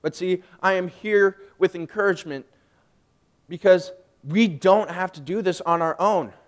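A young man giving a personal faith testimony, emotional and swinging from hushed, drawn-out phrases to loud, emphatic ones. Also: high voice. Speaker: student speaker giving testimony.

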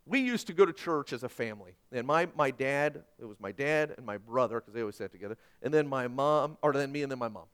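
A middle-aged man preaching a sermon as pastor, animated and self-deprecating, swinging between loud asides and hushed points. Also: mid-range voice, fast, hardly any pauses, smooth.

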